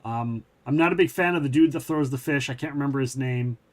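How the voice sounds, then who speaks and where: A man's voice: medium pitch, brisk. A middle-aged man hosting a gaming stream, chatting casually in a rambling, hesitant way with many fillers. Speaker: streamer host.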